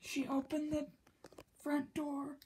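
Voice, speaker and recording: A woman reads a children's story aloud in a high, light voice. She takes her time, unhurried and gentle. Much of the narration falls to a soft whisper. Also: completely flat delivery, low-quality recording. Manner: slow and soft, often drops to a whisper. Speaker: reader of a children's book.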